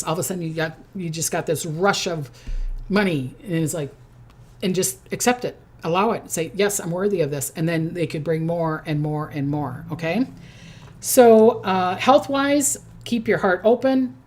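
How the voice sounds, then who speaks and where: A middle-aged woman giving a casual zodiac forecast, chatty and repetitive, often checking in with "okay?" and briefly mimicking people. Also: on the low side. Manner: chatty, repeats "okay?", acts out quick voices. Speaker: psychic doing zodiac forecasts. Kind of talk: casual spoken forecast to camera.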